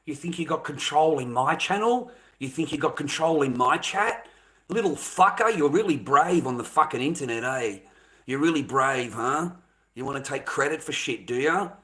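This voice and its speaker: A man's voice: on the high side, expressive, normal speed, bright, forceful tone. Angry profane man ranting at a viewer. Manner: aggressive, taunting, profane. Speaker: streamer.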